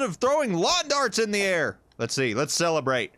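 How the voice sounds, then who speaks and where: A man giving jokey, animated commentary while playing a survival game and talking to the creatures in it. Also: high-pitched, moderate pace, few pauses, music in the background. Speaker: gaming YouTuber. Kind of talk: playthrough commentary.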